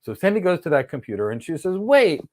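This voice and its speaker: Man, instructor, training lecture, animated storyteller, wide-ranging pitch, slightly high voice. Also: quick pace. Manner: animated storytelling with acted-out dialogue.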